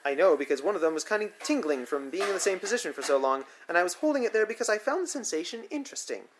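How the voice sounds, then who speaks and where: A man's voice: high-pitched, big pitch swings, fast talker, noisy background. A man narrating his own memoir in the first person, with a dry, wry, matter-of-fact delivery.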